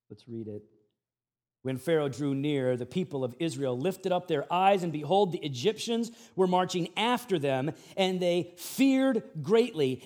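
A male pastor preaching a sermon in an animated, conversational way, with casual slang. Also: a little high.

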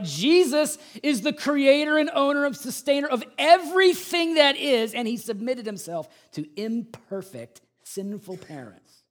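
A man in his forties delivers a sermon, his voice sitting high for a man. He is animated, slipping into mocking impressions and dropping suddenly from forceful to hushed. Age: 40s. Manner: animated, acts out mocking quotes, swings from loud to hushed. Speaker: pastor.

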